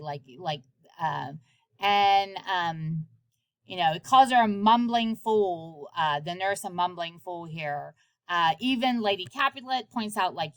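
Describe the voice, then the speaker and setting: Woman presenter, casual plot recap, slow, filler-heavy, dry sound. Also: mid-range voice, fairly bright tone, dry recording. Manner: filler-heavy, conversational, dramatizing quotes. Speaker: presenter of a library program.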